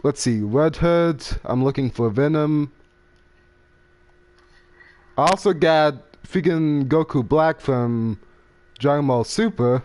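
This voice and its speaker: A man's voice: fairly high pitch, slow pace, pauses often, darkish tone. A young man hosting a casual gaming podcast, rambling and trailing off while he browses game menus. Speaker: gaming channel host.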